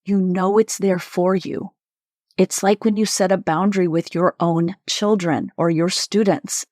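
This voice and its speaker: A woman's voice: on the low side, steady tone, measured pace, a little mellow, dry recording, studio quality. A middle-aged woman hosting a solo coaching podcast, reflective and emphatic, repeating questions with shifting stress. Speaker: leadership coach podcast host.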